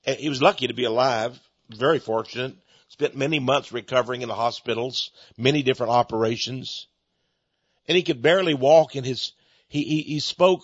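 A man's voice: mid-range voice, a little fast, breathy edge, dry recording, muffled recording. An older man giving an informal spoken sermon, earnest and heartfelt, often repeating and restarting his words. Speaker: preacher.

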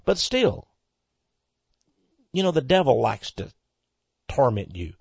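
A husky man hosts a radio ministry show of his own, slowly working through listener mail with sincere, down-home answers and building toward impassioned exclamations. His mid-range voice is slightly mellow and swings widely in pitch. The audio sounds close, dry and muffled, like lo-fi broadcast.

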